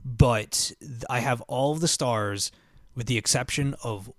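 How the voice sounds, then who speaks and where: A man's voice: mid-range voice, measured pace, dry recording, clean studio sound. A man co-hosting a gaming podcast, talking eagerly with stumbling restarts. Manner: enthusiastic, hesitant restarts. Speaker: podcast co-host. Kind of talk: casual gaming podcast chat.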